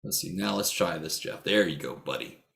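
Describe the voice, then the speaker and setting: A man's voice: low-pitched, wildly swooping pitch, moderate pace, vocal fry, a bit bright. Joking, blunt-talking male math teacher. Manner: joking, blunt, swears freely; teasing students by name. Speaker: math instructor. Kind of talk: casual online lecture. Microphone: video call.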